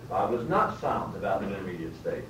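A man's voice: deep voice, big pitch swings, fast talker, a bit bright. Man lecturing from a distant mic. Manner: explains step by step, rephrases, asks the class questions. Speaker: Bible teacher. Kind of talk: classroom Bible lecture. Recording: roomy, distant mic, faint background noise.

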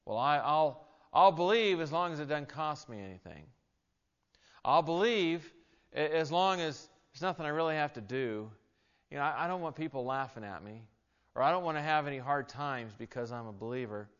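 A preacher playing a hesitant half-hearted churchgoer. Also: male voice, fairly high pitch, lively intonation, moderate pace, clean tone, close to an everyday voice. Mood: reluctant. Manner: hesitant, stammering excuses. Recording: echoey, slightly dull hall recording.

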